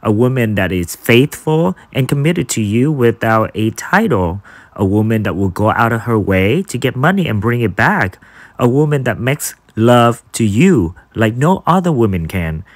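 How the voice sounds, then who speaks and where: A man's voice: medium pitch, big pitch swings, moderate pace, no echo. A man giving a playful birthday toast to a group of friends, teasing and building to comic punchlines.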